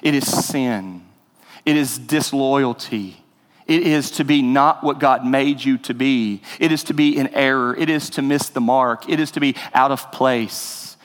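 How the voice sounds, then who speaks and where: A man's voice: mid-range voice, a little slow. A man preaching a sermon as pastor, earnest and conversational, rising to emphasis. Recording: reverberant hall.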